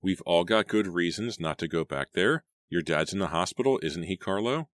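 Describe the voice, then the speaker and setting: A man's voice: deep voice, animated, moderate pace, no room sound. A man voicing a frightened, defiant teenage girl behind the wheel, talking in desperate shrieks. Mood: tense.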